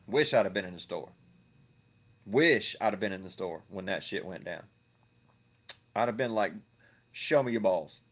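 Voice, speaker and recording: Low-voiced man ranting crudely. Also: normal speed, long pauses, a bit bright, slightly rough. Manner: crude, profane and mocking, repeats himself. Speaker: online video commentator. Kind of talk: ranting reaction commentary.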